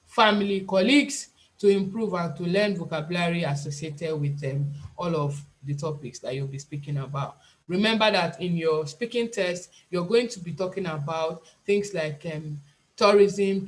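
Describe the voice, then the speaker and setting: A Nigerian woman teaching an online IELTS speaking class in an earnest, emphatic way, repeating her key points. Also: fairly low pitch.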